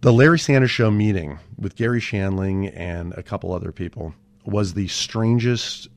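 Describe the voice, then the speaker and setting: Brief: man in his forties from Southern California, animated podcast guest, low voice, dry studio sound. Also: moderate pace, dry recording. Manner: animated, with frequent restarts and repeated words. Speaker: TV writer-producer, podcast guest. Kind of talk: casual storytelling in an interview.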